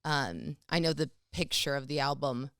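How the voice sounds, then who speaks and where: Low-voiced chatty woman podcast co-host. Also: normal speed, clean tone, dry recording, clean studio sound. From United States. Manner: laughs often while telling stories; lively, chatty storyteller. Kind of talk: casual comedy podcast chat.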